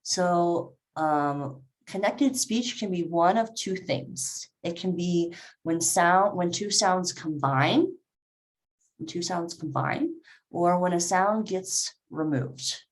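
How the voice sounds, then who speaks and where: A woman's voice: lowish voice, lively intonation, slow. A woman teaching a live online English class, reading out learners' comments and encouraging them. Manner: encouraging, reads chat comments aloud.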